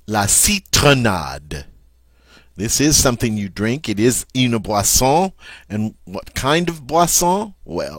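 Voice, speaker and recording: A man teaching French vocabulary in a slow, patient way, saying each word twice and then explaining it. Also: mid-range voice, no echo. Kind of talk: vocabulary lesson.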